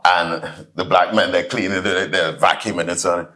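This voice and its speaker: A man giving a sermon-style keynote address in a hall, telling stories with lively acted-out voices. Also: low voice, moderate pace. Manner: animated storytelling, acts out voices in anecdotes. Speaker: keynote speaker, student minister. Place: hall, live audience.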